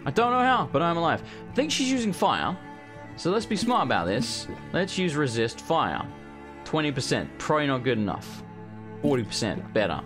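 A man gives loose, joking commentary while he plays, with frequent swearing. His voice bounces around a lot, sits a bit high for a man, and often jumps into loud yelps. Game music plays clearly behind him. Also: very animated, normal speed. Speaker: let's play host. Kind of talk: casual gameplay commentary.

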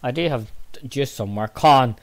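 Tired man commentating his own game. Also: normal speed. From Northern Ireland. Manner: excitable outbursts between low muttering. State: tired, yawning. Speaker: gaming channel host.

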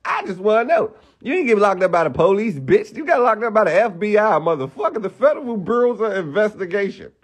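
A man's voice: high-pitched, sing-song, quick pace, few pauses, husky. A young man ranting on a phone live stream, heated and profane, firing off rhetorical questions. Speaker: livestreamer.

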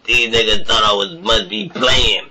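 A man trash-talking on camera in a bowling alley, hurling mocking insults in aggressive, rapid-fire banter. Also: fairly low pitch, steady tone. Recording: distant mic, loud crowd around.

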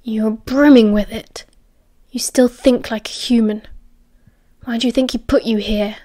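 A woman's voice: fairly high pitch, fairly even intonation, measured pace. A woman whispering as a sly young male werewolf schemer. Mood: scornful. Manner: hushed, urgent whispering.

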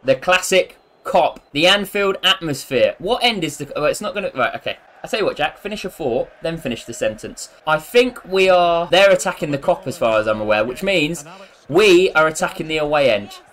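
Lively, jokey man gaming. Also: fairly high pitch, moderate pace. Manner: animated, jokey, rambling and self-mocking. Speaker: gaming YouTuber. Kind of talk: casual gaming commentary.

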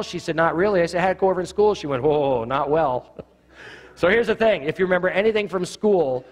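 A middle-aged man teaching evangelism at a church, telling stories and acting out the dialogue. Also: a little high. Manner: animated storyteller acting out dialogue. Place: church sanctuary.

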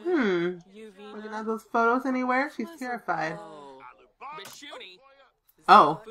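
A woman's voice: fairly low pitch, takes it slowly, pauses often, fairly bright tone. A woman casually commenting on a life-simulation game as she plays, reading options aloud and playfully voicing the characters. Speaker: let's play host. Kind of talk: gaming commentary.

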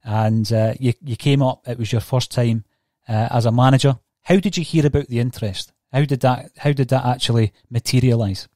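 Male podcast host, earnest and halting, recorded dry. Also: medium pitch, mellow, no echo. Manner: earnest, hesitant, many fillers. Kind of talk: interview questions.

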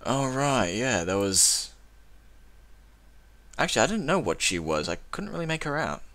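A man's voice: mid-range voice, big pitch swings, moderate pace, sharp tone, a little hiss or hum. A man playing a tabletop role-playing game, talking hesitantly with many fillers and casual swearing. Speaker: tabletop player.

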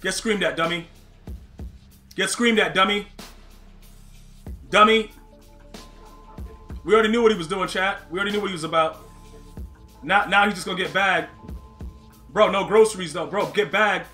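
A young man with a high, sharp, bright voice calls his own football game live for his chat. His delivery is loose, slangy and excitable, and he often bursts into yelling at his opponent. Faint music runs underneath. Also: moderate pace, pauses often. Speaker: video game streamer. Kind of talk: live gameplay commentary to chat.

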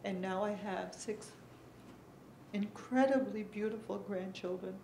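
A middle-aged woman speaks earnestly on a conference panel, pausing often and filling gaps with soft ums. Her voice sits at an ordinary middle pitch. It carries through a roomy, echoing hall over a faint background noise. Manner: earnest, halting, with many pauses and fillers. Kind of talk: personal testimony at a panel. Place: conference room.

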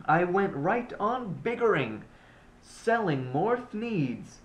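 A man reads a rhyming children's story aloud, leaning into its rhythm. His delivery is unhurried and slow. His pitch rises and falls widely from line to line. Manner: expressive rhyming read-aloud.

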